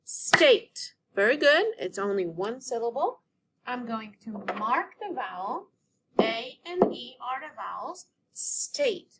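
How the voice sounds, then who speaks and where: A woman teacher giving a recorded phonics lesson to children, sounding out words slowly and clearly. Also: on the high side, big pitch swings, heavy background noise.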